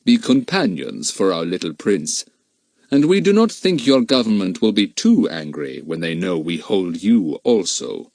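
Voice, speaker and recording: A man's voice: sits low, very animated, darkish tone, dry recording, studio quality, full character voice. A man doing a coldly polite foreign kidnapper chief. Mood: courteous. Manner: slow, measured, coldly courteous.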